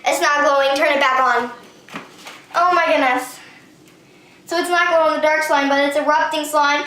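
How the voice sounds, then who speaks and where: A woman hosting a slime-making vlog at home, talking excitedly and often squealing and shrieking. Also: high voice, moderate pace, long pauses, reverberant, slight background noise. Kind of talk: excited hands-on vlog narration. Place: home bathroom and table.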